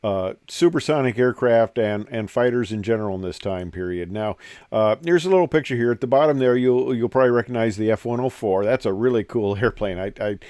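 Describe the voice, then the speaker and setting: A man's voice: mid-range voice, a little fast, a little mellow, dry recording. Older man, former pilot, casual rambling talk, lots of fillers, dry close sound. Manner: rambling, many fillers and restarts. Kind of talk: casual talk over pictures.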